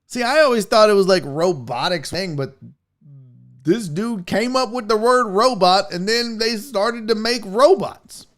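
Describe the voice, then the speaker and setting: High, lively-voiced man riffing on his podcast. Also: a little slow. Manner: rambling, jokey and profane. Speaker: podcast host. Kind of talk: casual live podcast chat.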